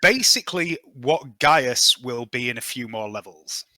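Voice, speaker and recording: A man's voice: medium pitch, animated, measured pace, bright, forceful tone, no room sound. A man running a tabletop role-playing game as game master, thinking aloud and hesitating with fillers as he checks rules and gear.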